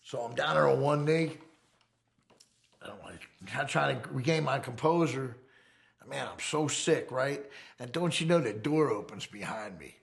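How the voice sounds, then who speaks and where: A middle-aged man, telling his story in an interview in a profane, animated way. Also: medium pitch, a little slow, gravelly.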